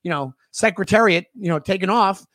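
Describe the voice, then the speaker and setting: High-pitched guy chatting, giving dating advice, dry close sound. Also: brisk, a bit bright, dry recording. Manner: chatty, gives advice, acts out quotes. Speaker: podcast co-host. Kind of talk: casual chat.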